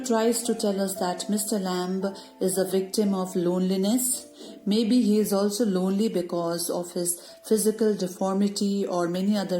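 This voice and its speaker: Mellow-voiced woman teacher explaining. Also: medium pitch. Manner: patient explanatory, frequent "you know" fillers. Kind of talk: explaining a story summary to students.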